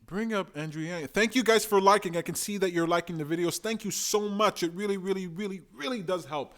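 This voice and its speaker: A man hosting a live stream, giving opinionated, animated commentary and reading out viewer comments. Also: high voice, a little fast. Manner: opinionated, animated, talks to chat.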